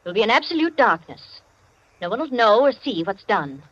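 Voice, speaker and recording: An actress playing a wealthy hostess who gives firm, clipped commands in 1940s radio drama acting. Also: female voice, fairly high pitch, very animated, a little fast. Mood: stern. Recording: muffled lo-fi old radio broadcast.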